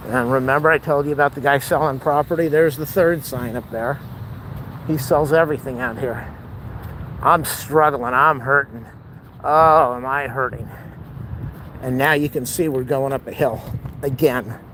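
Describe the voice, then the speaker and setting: A man's voice: mid-range voice, steady tone, normal speed, fairly bright tone. A man, out of breath and sweating, joking to the camera on an outdoor walking vlog. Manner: breathless, self-mocking, playful asides. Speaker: vlogger. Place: outdoors on a city street. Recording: outdoor street noise.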